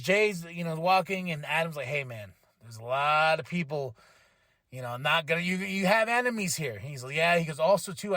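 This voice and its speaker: A man's voice: sits high, fairly bright tone, no echo, studio quality. A tired man hosting a podcast, giving a casual, rambling recap and laughing often as he paraphrases what people said. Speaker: podcast host.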